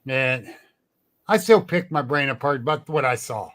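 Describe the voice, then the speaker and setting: A man's voice: mid-range voice, lively intonation, normal speed, a bit bright. Blunt, salty man telling stories. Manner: blunt and salty, laughs often. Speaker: guest, cryptid researcher. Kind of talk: casual storytelling chat.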